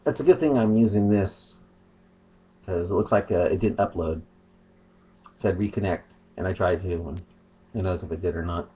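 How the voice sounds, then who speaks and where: A middle-aged man talks to his camera in a low, husky voice, wandering off and circling back as he goes. The sound is dull and muffled, like a cheap webcam mic. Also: normal speed, long pauses. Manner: rambling, restarts and trails off. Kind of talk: casual vlog monologue. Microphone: webcam or phone.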